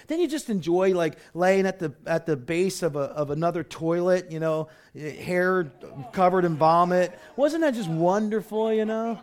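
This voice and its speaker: Man, sermon, slightly high voice, chatty preaching, rhetorical questions, frequent restarts. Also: darkish tone. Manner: frequent "you know" and stumbling restarts. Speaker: pastor.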